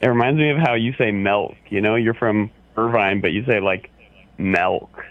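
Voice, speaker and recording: A man's voice: on the low side, brisk, no echo. A man from Orange County calling in to a radio show, needling the host in teasing banter. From Orange County, California. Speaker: caller. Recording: tinny phone line.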